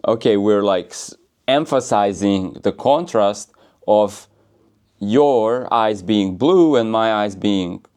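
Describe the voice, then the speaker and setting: A man's voice: medium pitch, darkish tone. A man giving a casual, rambling spiritual talk in a playful, joking way and laughing often. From United States. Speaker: spiritual speaker.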